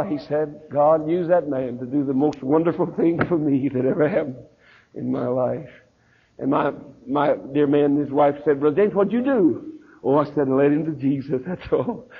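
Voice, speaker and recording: A man's voice: fairly high pitch, slightly rough. An older man with a Southern US accent preaching a sermon, telling stories and acting out the people in them. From Mississippi, USA. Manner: storytelling preacher acting out quoted dialogue. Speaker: pastor. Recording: tinny phone-like recording.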